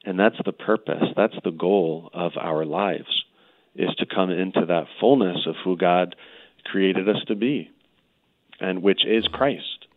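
A man, a priest, gives an earnest spiritual teaching on a call-in radio show, speaking gently with frequent "you know" fillers and restarts. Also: sits low, a little slow, no room sound. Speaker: priest guest. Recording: dry, phone-like line.

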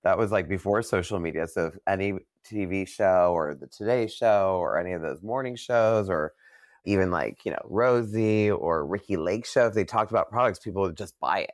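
A man's voice: low voice, moderate pace, no room sound, studio quality. A man hosting a podcast in casual interview chat, easygoing and chatty with many fillers. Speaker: podcast host.

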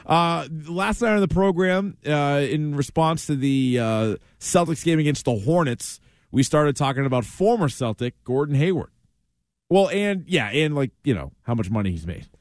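A man hosting a sports talk show, his pitch leaping around as he chats. His voice sits a little high for a man. The sound is dry and close to the mic. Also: normal speed, no room sound. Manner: animated, lots of fillers and exclamations. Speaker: radio sports talk host. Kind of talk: casual sports radio chat.

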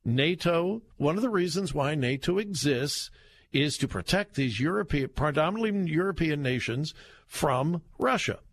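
A man's voice: on the high side, expressive, normal speed. A man hosting a talk show, giving emphatic, conversational political commentary as he reacts to headlines.

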